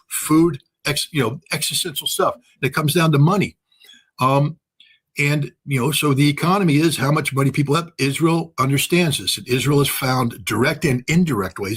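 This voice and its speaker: A man's voice: mid-range voice, fairly bright tone, breathy edge. A man giving emphatic political commentary, firing off rhetorical questions.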